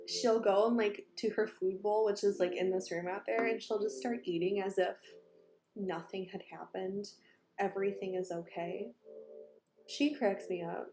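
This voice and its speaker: A woman chatting casually on a makeup livestream, rambling and groping for words while talking to viewers and her cats. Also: mid-range voice. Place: small room at home. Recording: echoey room with background music. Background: background music.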